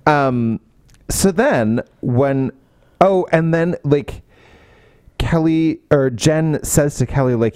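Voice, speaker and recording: A man's voice: a little high, slow pace, clean tone, no echo, clean studio sound. A man co-hosting a casual book chat, recapping scenes and acting out character quotes. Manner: animated, acts out character quotes in lifted voices. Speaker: book podcast co-host.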